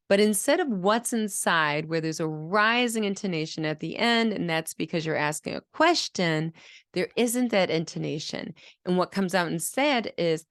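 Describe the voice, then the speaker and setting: A speech-language pathologist teaches an educational video lesson, explaining concepts and demonstrating speech sounds. Her voice is on the low side and animated, at a normal speed. The recording is dry and studio quality.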